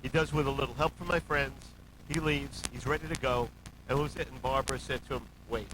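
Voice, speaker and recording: A man's voice: medium pitch, steady tone, a little fast, background noise. A man hosting a casual interview who breaks in with emphatic, wry asides.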